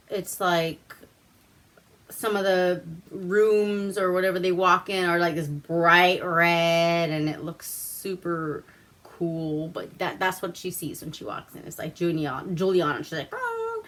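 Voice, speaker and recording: Slow-talking chatty woman. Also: lowish voice, a bit bright. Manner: loose and chatty, heavy "like" fillers and swearing. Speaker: vlogger reviewing a movie. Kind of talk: casual retelling of a movie plot. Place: at home drinking wine.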